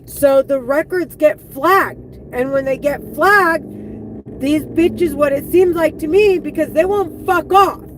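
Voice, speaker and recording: A woman live streaming an angry, profane monologue, heated and full of halting restarts. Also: sits high, a little hiss or hum, poor audio.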